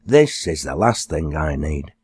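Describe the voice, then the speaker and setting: A bossy but motherly farm wife, voiced by a man, speaking practically and briskly. The reading is close, with a dry sound. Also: a bass voice, sing-song, a little mellow, breathy edge, no echo, full character voice.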